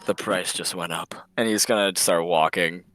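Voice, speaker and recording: A man's voice: sits low, fairly even intonation, moderate pace, fairly bright tone, no room sound. A man narrating as game master in a casual, laughing way, full of fillers.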